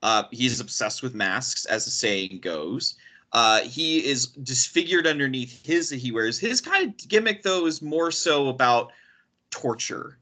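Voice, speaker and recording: A man hosting a casual podcast, explaining comic book characters with quick, stammering restarts. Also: mid-range voice, lively intonation, sharp tone. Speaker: podcast host. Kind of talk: casual chat.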